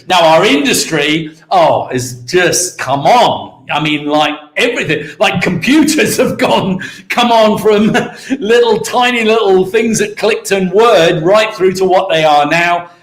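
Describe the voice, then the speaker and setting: A British man giving an energetic motivational talk on a live stream, repeating key words and calling out to viewers by name. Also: high-pitched, measured pace, roomy sound. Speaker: network marketing mentor hosting a live stream.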